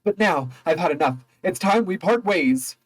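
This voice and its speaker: A man voicing a wealthy, self-important gentleman in a game, speaking in a pompous, dramatic way. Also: sits high, lively intonation, moderate pace, poor audio.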